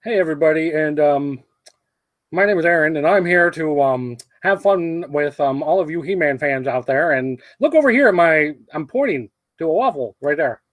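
A man imitating his male co-host greeting fans, halting with fillers. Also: a little high, expressive, no echo, close to an everyday voice. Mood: cheerful.

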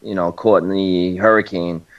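A man's voice: sits low, steady tone, normal speed. Rambling man on a lo-fi mic. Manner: rambling, many fillers and restarts. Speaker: podcast co-host. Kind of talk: casual chat. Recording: distant, dull lo-fi mic.

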